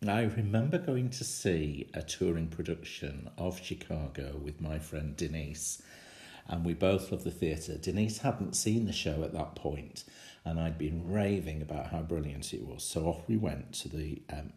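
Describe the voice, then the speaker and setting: A man with a very low, deep voice tells a personal story in an animated way, often breaking into small chuckles. His voice carries a noticeable room echo. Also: measured pace. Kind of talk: personal anecdote. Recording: roomy echo.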